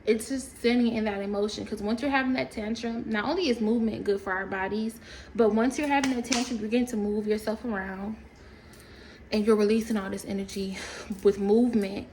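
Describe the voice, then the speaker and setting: A woman ranting casually to camera, animated and profane, rambling with laughs along the way. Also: mid-range voice, brisk, a little hiss or hum, poor audio. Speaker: storytime creator.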